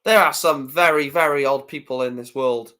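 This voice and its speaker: A man hosting a football reaction stream, shouting the goals in excitable play-by-play commentary and swearing freely. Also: mid-range voice, normal speed. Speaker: live stream host doing football reaction.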